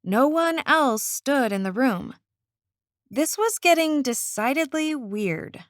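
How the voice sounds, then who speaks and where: A woman narrating a first-person novel audiobook in an expressive, unhurried way. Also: high-pitched, dry recording, studio quality.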